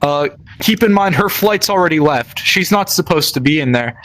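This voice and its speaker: A man's voice: on the high side, animated, moderate pace, fairly bright tone. A young man casually telling military stories while gaming, rambling with many fillers and restarts.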